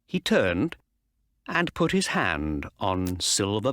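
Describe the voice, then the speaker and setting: A man reading a story aloud for learners at a very slow, deliberate pace. His delivery is measured, with wide swings in pitch, and the recording is close and dry. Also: huge pitch swings, fairly bright tone, dry recording. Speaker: narrator.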